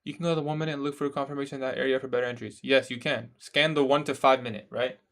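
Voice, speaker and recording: Reading viewer questions aloud while day trading on a livestream, a young man answers casually, dropping "bro" a lot and laughing at the odd ones. He talks rapid-fire in a steady, mid-range, fairly bright voice.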